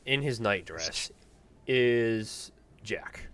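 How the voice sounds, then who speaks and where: A man's voice: lowish voice, expressive, extremely slow, fairly bright tone. A man narrating as game master of a tabletop game, playful and laughing.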